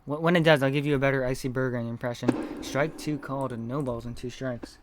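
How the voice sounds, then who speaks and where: A man doing live play-by-play commentary of a game, reading chat messages between pitches, his voice not feeling well. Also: fairly even intonation, brisk, heavy background noise. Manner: reads chat messages between calls, gets loud on big hits.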